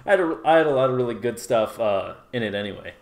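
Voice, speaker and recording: A man's voice: mid-range voice, lively intonation, fast. A man talking as a guest on a podcast, chatty and casual, stumbling over and repeating words and swearing now and then. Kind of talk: casual interview chat.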